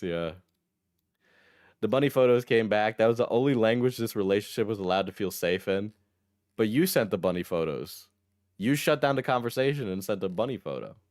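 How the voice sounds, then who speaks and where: Male streamer, smooth lowish voice, reads text aloud and cuts in with dry, deadpan jabs. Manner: wry, deadpan asides between read passages. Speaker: streamer reacting to a text post. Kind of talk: casual commentary while reading aloud.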